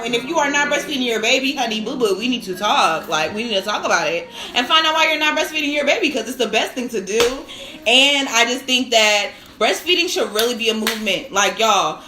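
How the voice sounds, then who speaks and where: A woman's voice: a little high, bright, forceful tone, roomy sound, low-quality recording. A woman hosting a casual live stream, telling chatty stories full of "like" and bursts of laughter. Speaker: live-stream host and new lactation counselor.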